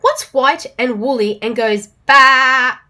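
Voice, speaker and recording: A woman's voice: sits high, slow pace, heavily acted. A woman with an Australian accent voicing a rude, boastful male pig in a children's storybook, with squealing sneezes. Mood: sniggering. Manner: squealing loud sneezes, scornful.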